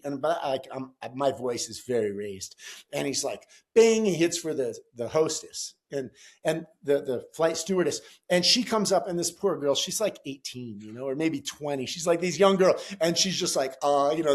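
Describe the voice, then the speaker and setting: A middle-aged man telling a story in a casual, animated way, swearing and acting out the quotes loudly. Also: fairly high pitch, normal speed. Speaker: podcast guest, gym founder.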